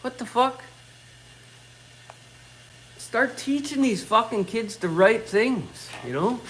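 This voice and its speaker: A man's voice: very high voice, expressive, slow, fairly bright tone, slight background noise, poor audio. A middle-aged man in his own workshop, ranting bluntly and swearing constantly in casual talk. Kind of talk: casual rant.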